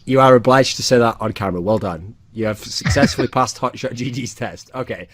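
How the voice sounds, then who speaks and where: A man's voice: mid-range voice, brisk, no room sound. Casting: man, podcast host, joking and teasing, dry close-miked sound. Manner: teasing, joking, lots of laughing asides. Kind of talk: casual podcast chat.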